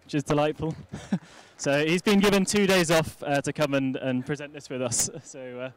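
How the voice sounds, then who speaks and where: A man's voice: a little high, fairly even intonation, moderate pace, slight background noise. A man presenting a live conference talk and introducing his co-hosts in a chatty, jokey way with many uhs. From United Kingdom.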